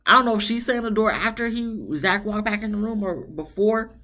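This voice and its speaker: A woman's voice: medium pitch, a little fast. A woman recapping a reality TV episode in a chatty, slangy way, acting out what the people said. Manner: animated storytelling, acts out quotes from the episode. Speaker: reality TV reviewer.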